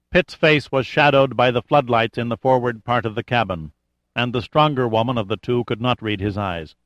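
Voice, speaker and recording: A man reading an audiobook in a measured, even storytelling manner. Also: medium pitch, no room sound, highs cut off. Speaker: audiobook narrator. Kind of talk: scripted narration.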